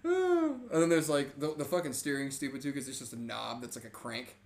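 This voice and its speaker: A man's voice: mid-range voice, expressive, fairly quick, very noisy. A young man in casual chat, swearing often and laughing as he tells stories. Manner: profane, laughing storyteller.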